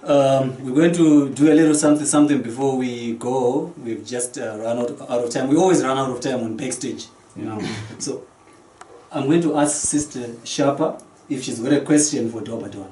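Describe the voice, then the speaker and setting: A man's voice: mid-range voice, moderate pace, warm tone, slight background noise. A man hosting a radio chat, asking easygoing questions. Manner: easygoing, inquisitive. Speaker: radio host. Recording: roomy, distant, faint ambience.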